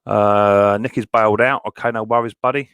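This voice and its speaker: A man hosting a live stream for a mower channel greets viewers one by one by name, casually and with many fillers, calling them mate and buddy boy. His voice is lowish yet fairly bright and clean, with fairly even intonation, normal speed, and no echo.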